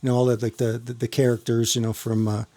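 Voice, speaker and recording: A man's voice: mid-range voice, level tone, quick pace, dark tone. A man who works as a firefighter, telling a long story in casual chat with many restarts and casual swearing. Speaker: firefighter guest.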